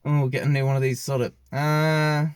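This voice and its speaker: Here a man reviews a film casually and with strong opinions, filming himself as he rambles and often fixes his wording mid-sentence. His voice is clear and resonant, medium in pitch with little movement, at normal speed, recorded dry.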